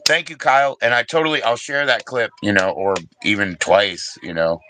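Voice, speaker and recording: A middle-aged man hosting a casual livestream, his voice low but bright and forceful. He rambles, swears freely and talks straight to his chat viewers. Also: fairly even intonation, moderate pace, slight background noise, low-quality recording. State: briefly emotional, teary. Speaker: livestream host.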